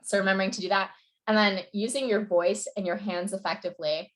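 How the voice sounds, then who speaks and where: A young woman giving a casual presentation as a coach. She talks fast and fills her sentences with "like" and "you know". Her voice sits at a middle pitch for a woman. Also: fairly even intonation. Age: young adult. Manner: fast-talking, many "like" and "you know" fillers. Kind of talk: casual presentation on public speaking.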